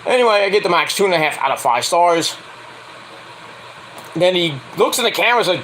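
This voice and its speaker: A man's voice: high-pitched, lively intonation, fairly quick, a bit bright, slight background noise, poor audio. A man casually recapping a wrestling event in a blunt, profane way, now and then acting out quotes in mocking voices. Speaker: wrestling show reviewer.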